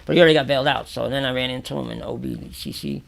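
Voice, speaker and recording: Rapid-fire and creaky, a mid-range male voice belongs to a New York interview guest in a radio or podcast studio. Swearing freely, he tells prison stories casually and with real animation, loudly acting out what people said.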